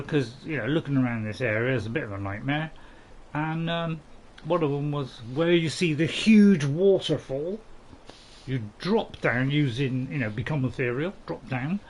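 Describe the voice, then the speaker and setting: A man's voice: a little high, darkish tone. A middle-aged man chatting casually with his live-stream viewers while he plays, rambling and joking with plenty of restarts. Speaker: gaming streamer.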